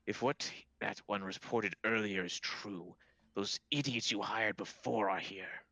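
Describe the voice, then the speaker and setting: A man's voice: on the low side, a little slow, sharp tone, no echo, voice pushed down, exaggerated voice, low-quality recording. A man voicing a grim, cautious male cultist in a tabletop game.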